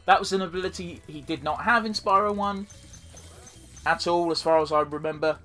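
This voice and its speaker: Guy rambling through a game playthrough, swears a lot, slightly high voice, some music in the back. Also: fairly quick, sharp tone. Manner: rambling, profane, self-deprecating. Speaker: let's play host. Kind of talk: casual gameplay commentary.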